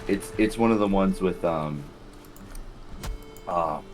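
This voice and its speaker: A man's voice: low voice, takes it slowly, a little mellow, a little hiss or hum. A young man co-hosting a casual gaming chat, rambling and laughing often. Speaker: co-host, gamer.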